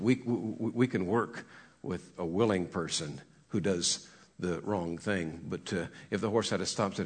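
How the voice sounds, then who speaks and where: A man's voice: deep voice, moderate pace, slightly rough. A middle-aged man, a horse trainer and cowboy preacher, telling folksy stories about horses and acting out what they think. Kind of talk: folksy storytelling with a sermon message.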